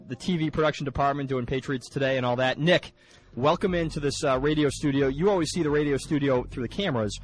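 A man hosting a casual sports radio show from a studio, upbeat, with many fillers. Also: fairly high pitch. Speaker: radio host.

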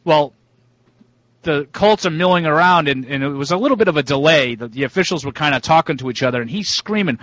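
Man, sports radio co-host, fairly high voice, dry studio sound, emphatic and exasperated. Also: fast talker, fairly bright tone, no room sound. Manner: emphatic, repeats himself, exasperated. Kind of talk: casual sports radio banter.

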